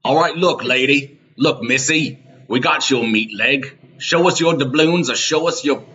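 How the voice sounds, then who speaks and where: A man putting on a hammy mock-British voice as the gruff manager of a turkey-leg stand. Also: medium pitch, unhurried, sharp tone, lo-fi sound, a little hiss or hum, voice pushed up. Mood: bossy.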